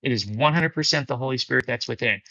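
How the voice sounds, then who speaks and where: A bright, forceful man's voice gives a casual spiritual talk on a livestream. His delivery is earnest and laid back, and he often drops in "man" and "dude." The sound is dry and a little dull. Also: mid-range voice, fast, dry recording. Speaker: livestream host of a faith fellowship. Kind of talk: casual spiritual talk, reading viewer comments.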